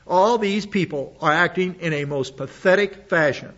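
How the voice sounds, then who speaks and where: A man's voice: a little high, expressive, normal speed, few pauses, a bit bright, dull audio. A man preaching an expository sermon, reading scripture aloud and commenting on it with blunt sarcasm.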